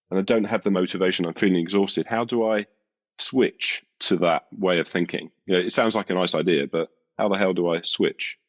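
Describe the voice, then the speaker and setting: A man hosting a podcast, probing his guest with follow-up questions. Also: low voice. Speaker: podcast host. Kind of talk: conversational podcast interview. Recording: slightly muffled, dry sound.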